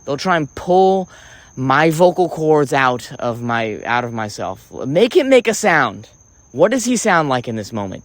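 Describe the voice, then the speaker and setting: A man's voice: fairly high pitch, sing-song, a little slow, no echo. A man delivering a rambling comic monologue, theatrical and profane, often breaking off and restarting. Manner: theatrical, profane, self-interrupting. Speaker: vlogger.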